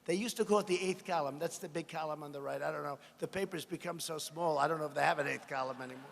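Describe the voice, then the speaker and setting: A man's voice: fairly high pitch, fast, gravelly. Man mocking his rivals from a rally stage. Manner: rambling and mocking, asks the crowd for agreement. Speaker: politician at a rally. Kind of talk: campaign rally speech. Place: large arena. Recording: echoing hall with faint crowd noise.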